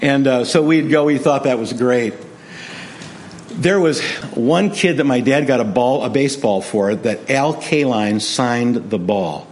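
A man preaching a sermon full of personal stories, his voice swinging from hushed to animated. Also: mid-range voice, measured pace, slight background noise. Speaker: pastor.

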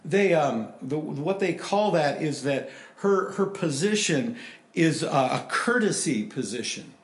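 A man preaching a sermon in a conversational, animated way, swinging between loud emphasis and hushed asides. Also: a little high, roomy sound. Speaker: pastor.

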